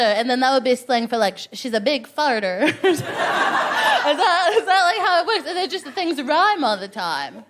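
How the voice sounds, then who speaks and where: A woman hosting a stand-up show, doing animated crowd work with plenty of laughter. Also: high voice, background noise. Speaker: comedy host. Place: comedy club stage.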